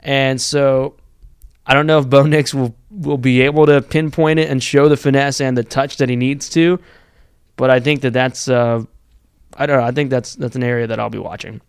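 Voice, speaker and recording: A young man with a smooth, clear voice lays out his football analysis at an even, steady pace. He builds long, run-on points as he thinks aloud. The recording is dry and close. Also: mid-range voice, moderate pace, dry recording. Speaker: student sports podcast co-host. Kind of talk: sports analysis chat.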